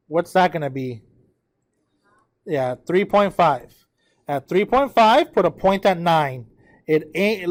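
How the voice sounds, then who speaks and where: A tired man teaching a math class, talking students through a graph and checking in with them often. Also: high-pitched. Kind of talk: live classroom lecture at a whiteboard.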